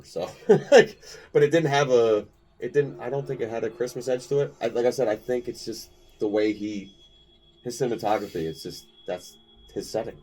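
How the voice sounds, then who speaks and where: A man's voice: mid-range voice, a little mellow. A man co-hosting a podcast in casual chat, rambling and enthusiastic, often breaking into laughter. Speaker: podcast co-host.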